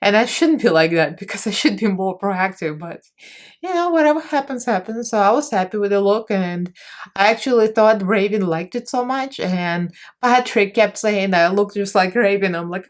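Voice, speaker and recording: A woman's voice: mid-range voice, animated, moderate pace. A woman makeup artist chatting casually in a vlog, rambling and poking fun at herself as she talks through a tutorial voice-over. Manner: chatty, rambling, self-mocking.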